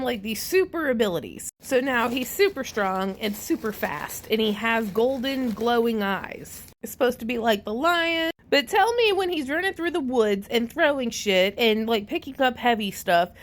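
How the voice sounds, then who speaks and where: A woman giving a casual, sarcastic spoiler recap of a movie, chatty and swearing freely with many asides. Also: on the high side. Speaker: movie reviewer.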